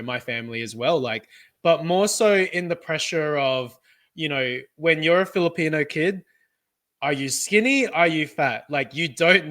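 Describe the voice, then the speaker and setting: Bright-voiced chatty gay podcast host. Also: male voice, a little high. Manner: chatty storyteller, laughs often, acts out relatives' voices. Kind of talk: casual chat.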